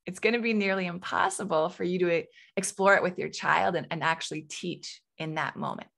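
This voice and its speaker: Her voice is lowish, creaky and a bit bright: a woman in her thirties hosting a solo parenting podcast. She gives advice in a chatty coaching manner, with many "right?" asides.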